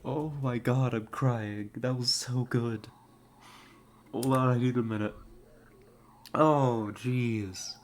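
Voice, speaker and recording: A woman's voice: a bass voice, steady tone, slow pace, pauses often, a little mellow. A woman streaming a video game, talking casually and in an easily moved way, with lots of fillers and laughter. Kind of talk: casual live-stream commentary.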